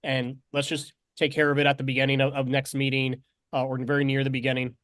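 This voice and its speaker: A man's voice: medium pitch, monotone, fast, a bit bright, no echo, clean studio sound. A man helping run a committee meeting, speaking hesitantly and apologizing often. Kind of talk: running a meeting.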